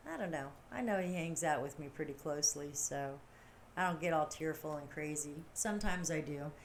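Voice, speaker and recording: A middle-aged woman hosts a livestream, chatting casually in a rambling way and laughing often. Her voice is low-pitched, with a little hiss or hum on the recording.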